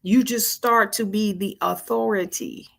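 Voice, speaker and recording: A woman's voice: medium pitch, steady tone, unhurried, gravelly, a bit bright. A woman hosting a weekly spiritual vigil on a live stream, talking informally and earnestly, repeating phrases and coaxing listeners to answer. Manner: colloquial and earnest.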